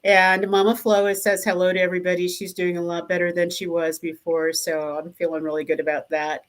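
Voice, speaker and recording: A woman co-hosting a live show over a video link, chatting warmly with frequent ums. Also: fairly low pitch, level tone, a little fast. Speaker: district governor and co-host. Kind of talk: casual chat on a live show.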